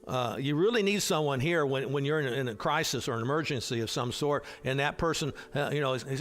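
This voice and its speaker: A man's voice: mid-range voice, quick pace, hardly any pauses, fairly bright tone. A man teaching an adult Bible class in a casual, digressive way, with frequent restarts and fillers. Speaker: hospital chaplain.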